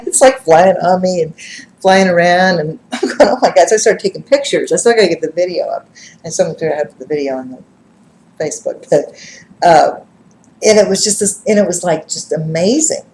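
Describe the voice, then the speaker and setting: A middle-aged woman with a lowish voice tells stories to a live group in a casual, animated way, laughing and acting out what others said. She sounds roomy and echoey, with a faint ambience hum behind her. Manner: animated, laughs and acts out quotes. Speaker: psychic reader and speaker. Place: live-streamed gathering room.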